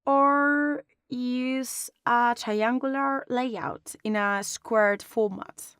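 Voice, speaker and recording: A woman explaining a design lesson step by step in a calm, instructional way, recorded as a close voice-over. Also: on the high side, drawn-out words, smooth, no echo. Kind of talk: online lesson narration.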